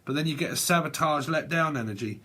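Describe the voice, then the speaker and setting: A man's voice: a little high, quick pace, pushed and bright. A man giving a casual tarot reading, rambling and swearing, often breaking into laughter. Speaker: tarot reader.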